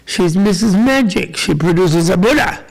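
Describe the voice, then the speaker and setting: Gravelly high-voiced older man teaching. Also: animated, normal speed, low-quality recording. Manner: joking, rambling, with asides to the audience. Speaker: Buddhist teacher. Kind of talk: casual dharma talk to a live audience.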